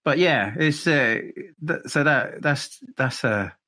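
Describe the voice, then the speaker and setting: A man with an English accent chatting casually as a podcast co-host, halting and restarting often, with laughs between phrases. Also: medium pitch, animated, sharp tone. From England. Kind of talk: casual chat.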